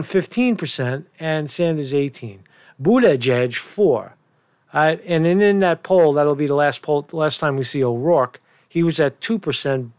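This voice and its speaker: A commentary vlogger with a slightly high voice launches into a crude, mocking, off-the-cuff political rant, swearing often. The recording has no room sound.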